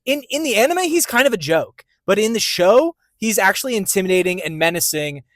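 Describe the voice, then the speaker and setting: A man co-hosting a movie podcast in casual chat, animated and quick to laugh. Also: high voice, no echo. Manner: animated, excitable, laughs easily. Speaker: podcast co-host. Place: in a parked car.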